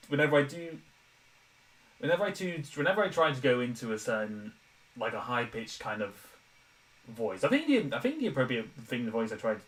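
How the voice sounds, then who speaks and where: A man's voice: mid-range voice, fairly bright tone, recorded from a distance, low-quality recording. A young man chatting casually while animating live from his home room, self-deprecating and laughing often, his throat a little dry. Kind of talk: casual live-stream chat. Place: home room, window open.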